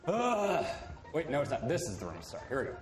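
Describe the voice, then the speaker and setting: Man gamer, anxious mutterer, swings wide in pitch, echoey room, loud music under. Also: wildly swooping pitch, quick pace. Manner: nervous, muttering, profane. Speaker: player attempting a game level. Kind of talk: casual gameplay chatter.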